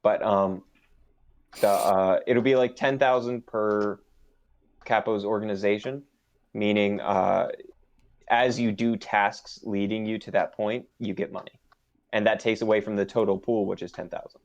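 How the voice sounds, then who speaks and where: Hesitant game master, dull lo-fi audio. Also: male voice, on the low side, steady tone, unhurried. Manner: hesitant, explaining rules. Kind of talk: running a tabletop game.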